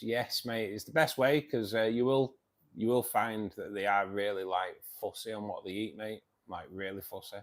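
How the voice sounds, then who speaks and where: A man's voice: fairly low pitch, a little slow. A tired man hosting a fishkeeping live stream, chatting casually, reading viewer comments and calling everyone mate. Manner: chatty, says "mate" often, rambling restarts.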